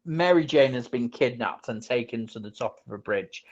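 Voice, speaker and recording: A man's voice: medium pitch, normal speed. A man hosts a casual film podcast, walking through a movie scene step by step. He talks loosely, with frequent ums and restarts. The sound is a little dull and lo-fi. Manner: animated retelling, acts out quotes, many ums and restarts. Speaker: podcast host.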